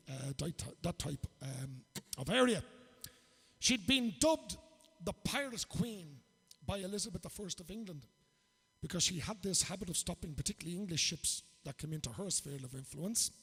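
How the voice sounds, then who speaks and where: High-voiced man, chatty storyteller. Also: creaky, a bit bright, husky, in a large hall. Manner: chatty storytelling, calls listeners "lads". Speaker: singer and guest performer. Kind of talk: casual spoken song introduction.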